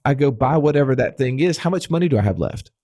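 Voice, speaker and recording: A man hosts a casual finance podcast and explains each idea through a string of rhetorical questions. His voice is mid-pitched, and the recording is dry, with no echo. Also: animated, quick pace, darkish tone. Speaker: podcast host.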